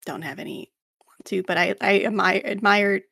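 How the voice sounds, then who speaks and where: A woman's voice: mid-range voice, steady tone, moderate pace, gravelly, fairly bright tone, husky, dry recording, studio quality. A woman who runs tabletop games, chatting casually on a podcast in a self-deprecating way. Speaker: game master and podcast co-host. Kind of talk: casual chat.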